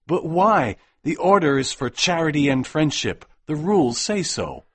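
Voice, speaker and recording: A man voicing a bold young newcomer with a calm, confident manner and a husky voice, in a storybook reading for English learners. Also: a little high, moderate pace, no echo, heavily acted. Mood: puzzled.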